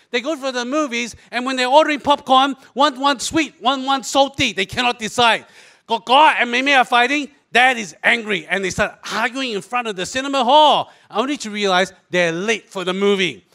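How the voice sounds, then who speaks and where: Bright high-voiced Singaporean man telling a comic story. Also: a little fast, gravelly. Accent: Singaporean English. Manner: animated, switches into character voices. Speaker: comedic storyteller.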